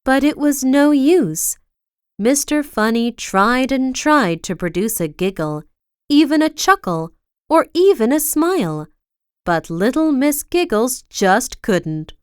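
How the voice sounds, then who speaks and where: A woman reading a children's storybook aloud in a slow, expressive way, with big swings for effect, on a close mic. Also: high voice, smooth, dry recording.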